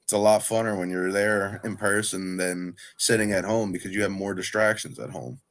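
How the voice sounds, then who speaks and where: A man's voice: on the low side, little pitch movement, normal speed, fairly bright tone. A man who wrestles for a living, chatting casually as a guest, talking with a slight lisp and rambling full of "like". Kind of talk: casual chat.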